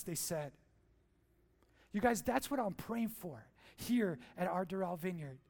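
A man's voice: high-pitched, expressive, unhurried, creaky, a little mellow. A man preaching a sermon as pastor in a church, playful and jokey, asking the crowd questions and answering them.

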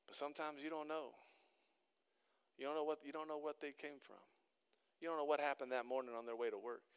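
A man's voice: on the high side, steady tone, fairly quick, clear, resonant tone. A man preaching a sermon as pastor, telling everyday stories and building into emphatic, repeated calls to his congregation. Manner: conversational storytelling that builds into emphatic repeated exhortation. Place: church.

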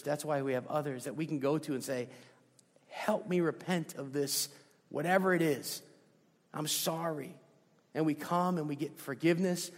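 Male pastor, sermon, emphatic then hushed, gravelly, slightly high, long church reverb. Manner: emphatic, switches to a soft hush for key lines. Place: church sanctuary.

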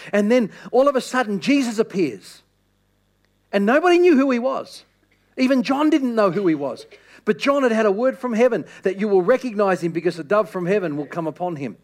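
A man preaching a sermon with impassioned, repeated appeals that swing from loud to hushed. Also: high voice.

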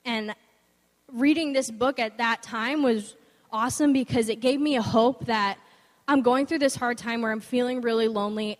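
A young woman giving an informal, earnest devotional talk, weaving in a personal story, in a conversational manner. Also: a little high. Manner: earnest, conversational, animated when quoting others. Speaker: speaker sharing a devotional. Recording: long hall reverb.

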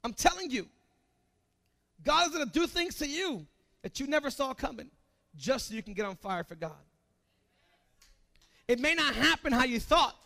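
A man preaching a sermon in an animated, emphatic way, firing off rhetorical questions at the congregation. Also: very high voice, normal speed, gravelly, pauses often.

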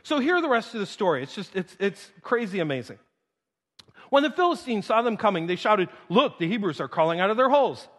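Lively high-voiced preacher in a reverberant hall. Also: male voice, a little fast. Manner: animated, humorous, acts out scripture quotes. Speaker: pastor. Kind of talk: sermon. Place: church sanctuary. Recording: long reverb of a large hall.

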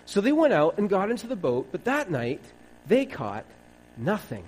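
Animated wry male preacher. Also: high-pitched, normal speed, low-quality recording. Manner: wry, conversational, acts out dialogue. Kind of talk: sermon.

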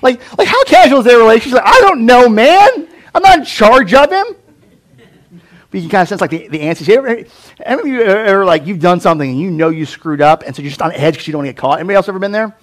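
This pastor speaks very fast in a high-pitched voice as he gives a laid-back sermon. He keeps it animated and conversational, peppering his talk with "like" and other fillers and putting questions to the audience.

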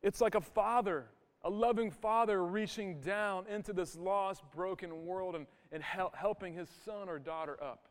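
A man's voice: high-pitched, normal speed, in a large hall. A pastor in his thirties, preaching a sermon with impassioned emphasis.

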